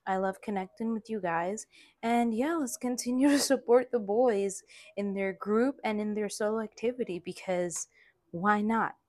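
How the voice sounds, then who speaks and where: A young woman from Latin America, vlogging an excited unboxing and gushing with delight. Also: mid-range voice, normal speed, no room sound, studio quality. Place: in the Philippines.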